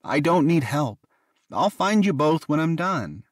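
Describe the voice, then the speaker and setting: A man's voice: on the high side, sing-song, unhurried, husky, no room sound, clean studio sound, recorded from a distance, pitched above the performer's own voice, full character voice. A man voicing a wry, affectionate young man in an audiobook, with a light, slightly raised voice.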